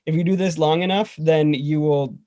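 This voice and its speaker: A man guest explaining a breathing meditation in a relaxed, rambling way, full of "like". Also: a little high, moderate pace, no echo. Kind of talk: casual video-call chat and instruction.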